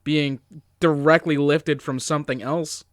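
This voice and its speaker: A man co-hosting a podcast with a dry, teasing wit. His voice is a little higher than most and very clear. It sounds close and dry, with no room around it. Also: fairly even intonation, measured pace, no room sound. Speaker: podcast co-host. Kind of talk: casual chat.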